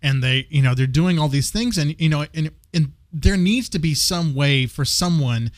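A man's voice: on the high side, normal speed, dry recording, studio quality. Earnest man co-hosting a faith podcast. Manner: earnest, repeats words while searching for phrasing. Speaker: podcast co-host. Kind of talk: casual Christian discussion podcast.

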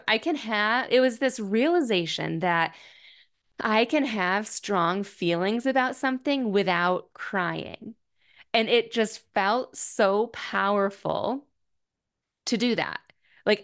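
A woman's voice: mid-range voice, fairly bright tone. Candid woman musing on her feelings. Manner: candid, thoughtful, often says "like". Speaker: podcast host. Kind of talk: reflective personal monologue.

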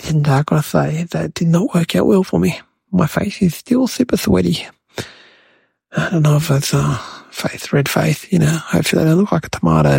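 A man's voice: on the high side, creaky, darkish tone, breathy edge, dry recording, heavily acted. A man voicing a mischievous, chatty young boy who rambles to the viewers in a comedic monologue. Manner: rambling, addresses viewers as guys.

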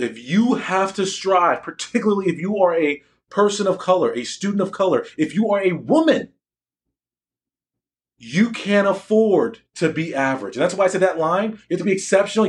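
Boastful, emphatic man giving a motivational talk. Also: on the high side. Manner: boastful, emphatic, asks the audience questions. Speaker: motivational speaker addressing students.

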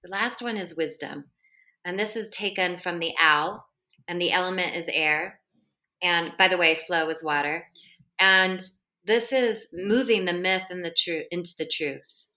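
A middle-aged woman, an embodiment coach appearing as a podcast guest, chats casually in an interview. Her voice is lowish and sharp in tone, and she speaks unhurriedly in an earnest, flowing way laced with spiritual wording.

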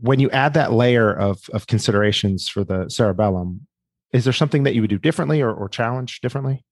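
A man's voice: medium pitch, fast, no room sound, clean studio sound. A man interviewing, posing probing questions full of clinical jargon, with restarts as he shapes them.

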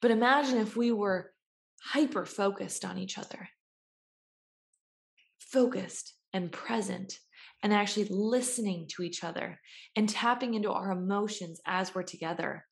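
A young woman giving a casual motivational talk, chatty, acting out everyday scenes with quick voice changes. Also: mid-range voice, creaky. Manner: chatty, acts out little scenes with quick voice shifts.

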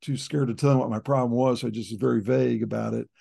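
A man's voice: medium pitch, fairly even intonation, quick pace, creaky, warm tone, husky. A middle-aged man in ministry telling a personal testimony earnestly in conversation, repeating words when emotional. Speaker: ministry leader, guest.

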